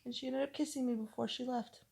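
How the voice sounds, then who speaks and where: A woman's voice: on the high side, fairly even intonation, quick pace, creaky, a little mellow, slightly rough. A woman co-hosting a podcast in casual chat, rambling and laughing often, with the odd casual swear. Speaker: podcast co-host.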